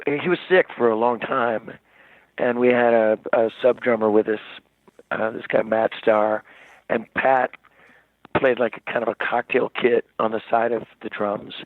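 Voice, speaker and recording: A man, a rock singer as interview guest, telling stories in a rambling, animated way with many restarts, over the phone. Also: medium pitch, measured pace, no echo. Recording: tinny dry phone line.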